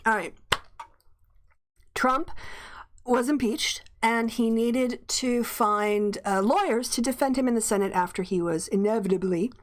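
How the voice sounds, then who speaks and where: A woman's voice: on the high side, unhurried. A woman host in casual commentary, reading news aloud with gleeful, chatty asides. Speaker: livestream host.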